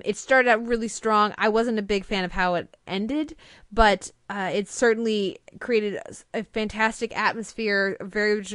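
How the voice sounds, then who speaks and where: A woman's voice: medium pitch, fairly bright tone, no room sound, studio quality. A young woman co-hosting a casual podcast, chatting enthusiastically about TV episodes with frequent fillers and restarts. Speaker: podcast co-host reviewing TV.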